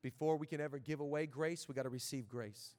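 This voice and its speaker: A man preaching a live sermon as pastor, impassioned and swelling into shouted call-and-response. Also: on the high side, steady tone, fast.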